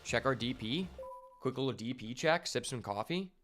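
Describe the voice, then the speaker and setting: Chill young dude streaming a game, rambly and sweary, soft game music under him. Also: male voice, medium pitch, expressive, normal speed. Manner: rambling, laid-back, heavy on fillers and swearing. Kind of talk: casual gameplay commentary.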